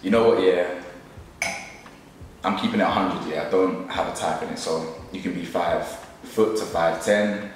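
Young man, laid-back and teasing, low voice, in a very echoey room with dishes clinking. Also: steady tone, normal speed, pauses often, far from the mic. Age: young adult. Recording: very echoey room, faint noise.

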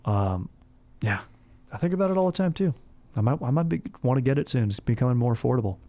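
A man's voice: mid-range voice, lively intonation, fast, warm tone. A young man hosting a comedy podcast, chatting casually in bro slang and saying "dude" all the time. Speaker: podcast host.

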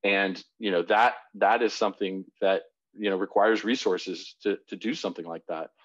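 A man's voice: sits low, steady tone, moderate pace, fairly bright tone. A man giving a live online presentation in a conversational way, with frequent fillers and restarts. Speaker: webinar presenter. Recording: dull lo-fi web audio.

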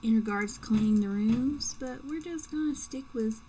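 A woman's voice: on the high side, moderate pace, dark tone, slight background noise. A young woman playing a video game and commenting casually, joking and swearing as she talks to herself. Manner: joking, profane, talking to herself. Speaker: let's play gamer.

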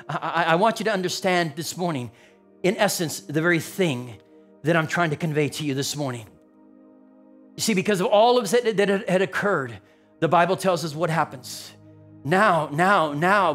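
High-voiced preaching man. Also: a bit bright. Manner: repetitive preaching cadence, rising into dramatic quotes. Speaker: pastor. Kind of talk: sermon. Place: church sanctuary.

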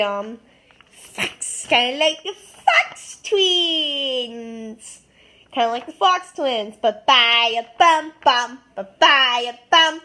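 A woman's voice: fairly high pitch, fairly bright tone, a little hiss or hum. A woman chatting casually as host, showing her drawings in a giggly, rambling way with many fillers. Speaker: channel host.

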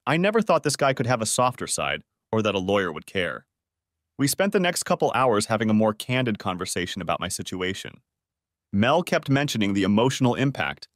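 A man narrates a first-person story in a steady, even read. His voice sits on the low side, and the recording is dry and close with no room sound. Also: no room sound.

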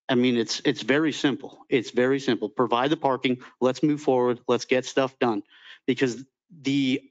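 A man at a mid pitch pleads his case at a public board meeting with insistent force, hammering the same point again and again. He speaks into a desk microphone in a municipal meeting room. The audio is somewhat muffled. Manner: impassioned, insistent, repeats points. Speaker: vice chair of a city board.

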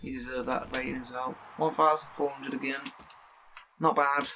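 A man giving live gameplay commentary, excitable and swearing often, bursting into loud shouts at the game. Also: medium pitch, moderate pace, background noise. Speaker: gaming video creator.

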